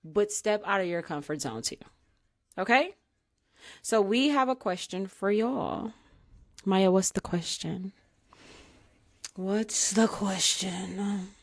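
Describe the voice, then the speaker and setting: A woman's voice: mid-range voice, takes it slowly, pauses often. A woman co-hosting a casual podcast chat, giving emphatic, preachy advice and often asking the listener for agreement. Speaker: podcast co-host.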